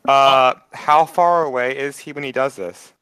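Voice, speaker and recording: A man playing a tabletop game, deliberately asking rules questions. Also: medium pitch, crowd noise, rough recording. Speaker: player. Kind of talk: casual tabletop game talk.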